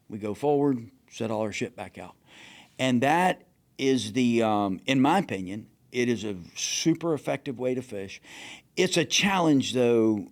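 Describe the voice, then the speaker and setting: A man, a fishing captain telling a story in casual, profane talk and acting out quotes loudly. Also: mid-range voice. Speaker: fishing captain, podcast guest.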